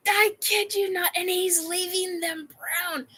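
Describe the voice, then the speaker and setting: A woman's voice: very high-pitched, fairly even intonation, takes it slowly, pushed and bright. A woman hosting a casual live chat, giddy, laughing often and swearing while she answers comments. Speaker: live stream host. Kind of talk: casual live chat reacting to a painting video.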